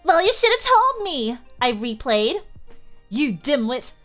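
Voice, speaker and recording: A woman voicing an angsty, foul-mouthed teenage goth girl with shouted, exaggerated line readings. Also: on the high side, animated, takes it slowly, faint music behind, full character voice. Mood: snarky.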